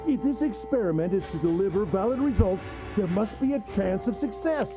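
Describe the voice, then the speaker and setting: An actor playing a sadistic, mocking male captor who speaks with gentlemanly politeness in a video game. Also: high-pitched, lively intonation, brisk, muffled recording, over music. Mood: taunting. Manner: polite, taunting, cackling.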